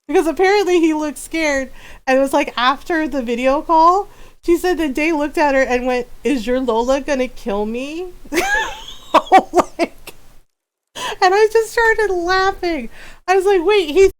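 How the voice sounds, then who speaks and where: A woman streamer telling family stories in a casual, animated way, laughing often and quoting relatives. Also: very high voice, a little slow. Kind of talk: casual storytelling while gaming.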